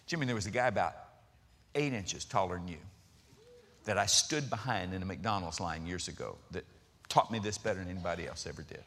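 A woman's voice: a bass voice, brisk, fairly bright tone. A woman pastor preaching to a congregation, telling a story with laughter and acting out the voices of people in it. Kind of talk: sermon with storytelling. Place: church before a congregation.

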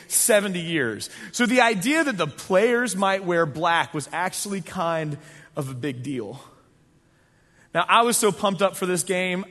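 Bright, animated young man in a hall. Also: high-pitched. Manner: animated, talks with the crowd, shouts at times. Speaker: speaker telling a story to an audience. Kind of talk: lively storytelling talk. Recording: echoey large hall.

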